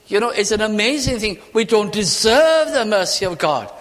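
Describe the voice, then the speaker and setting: An older Welsh preacher delivers his sermon with fervour, his fairly high voice ringing out and then falling to a hush. The sound carries a long reverb, as if from a large church hall. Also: animated, moderate pace, few pauses. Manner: fervent, swings between loud ringing lines and hushed asides.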